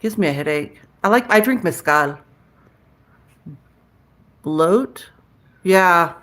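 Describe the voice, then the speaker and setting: A woman's voice: lowish voice, expressive, takes it slowly, fairly bright tone. A woman hosting a casual livestream, chatting frankly with viewers and answering their comments aloud, with the odd curse word. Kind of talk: casual live-chat talk.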